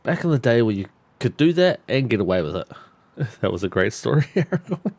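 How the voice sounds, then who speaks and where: A man's voice: mid-range voice, fairly quick, no echo. A man in his thirties chatting on a live stream, telling a story with lots of laughter and swearing. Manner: laughs a lot, swears freely, animated storyteller.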